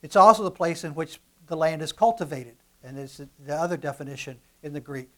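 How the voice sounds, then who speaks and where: A male pastor preaching a sermon, animated, moving from quiet asides to loud emphatic lines and repeating words as he restarts. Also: a little high, fairly quick.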